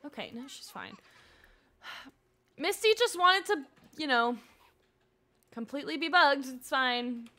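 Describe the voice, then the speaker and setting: A young woman chatting through her gameplay on a live stream, excitable and gushing, often talking to the game characters. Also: high voice, slow pace, pauses often.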